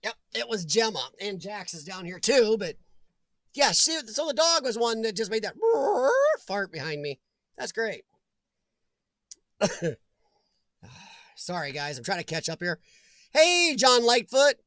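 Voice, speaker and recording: Hosting a relaxed home livestream, a chatty person often laughs while welcoming viewers by name. Their fairly bright, medium-pitched voice moves slowly with long pauses and big pitch swings, and it sounds dry and close, without room echo.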